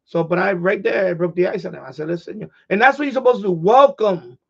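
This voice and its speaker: A man's voice: high-pitched, animated, rapid-fire, creaky, husky, lo-fi sound. A man hosting a casual ham radio live stream, rambling and repeating himself as he gets heated.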